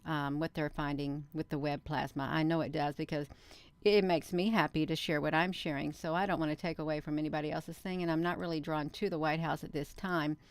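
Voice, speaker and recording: A woman's voice: deep voice, clean tone, no echo. A woman hosting a casual livestream, chatting to her viewers and often talking to herself as she works. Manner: chatty, often addresses viewers as "you all", talks to herself. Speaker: livestream host.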